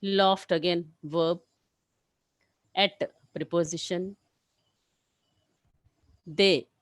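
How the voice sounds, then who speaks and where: A woman teaching a live English grammar class, explaining rules step by step and often checking with "clear?". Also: mid-range voice, dry recording, low-quality recording.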